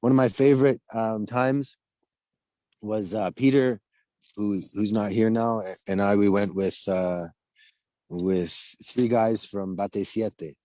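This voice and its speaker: A man chatting as a guest over a video call, rambling and reflective, with lots of pauses and restarts. His voice is low and warm, and the sound is dry and close. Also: fairly even intonation, no room sound, low-quality recording. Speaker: guest, former program leader. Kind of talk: casual interview chat.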